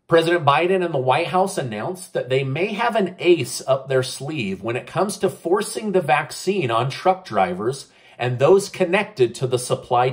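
A man hosting his own news channel, reading headlines and adding his own opinions, with frequent "uh" fillers and questions put to his viewers. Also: medium pitch. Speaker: YouTube news commentator. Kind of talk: casual news commentary.

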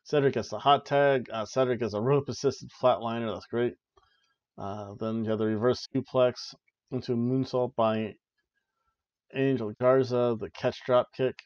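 A man's voice: mid-range voice, steady tone, normal speed, a little mellow, dry recording, highs cut off. A young man hosting a wrestling review podcast, giving casual, joking play-by-play with lots of fillers. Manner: rambling, joking, frequent "uh" and "like".

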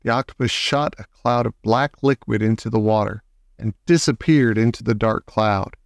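A man reading a children's book aloud in a slow, expressive storytelling manner. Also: lowish voice, creaky, no room sound, studio quality. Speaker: audiobook reader.

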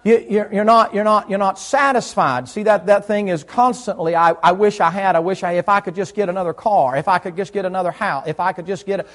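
Preacher guy, pretty high voice, chatty sermon, keeps asking the church questions. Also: brisk, few pauses. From United States South. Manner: folksy, preachy, quizzing the crowd. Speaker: pastor.

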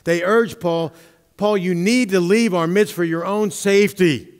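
A man preaching a sermon as pastor, with emphatic, drawn-out stresses and humorous asides, in a church sanctuary. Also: sits high, steady tone, clean tone. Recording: long reverb of a church hall.

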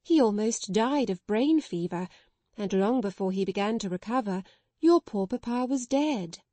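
A woman voicing a gentle, motherly woman who talks in a slow, soothing, kind way. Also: mid-range voice, animated, dry recording, close to an everyday voice. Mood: tender.

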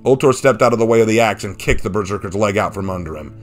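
A man narrating a fan-written action story in a steady, dramatic reading. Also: on the low side, quick pace. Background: faint background music.

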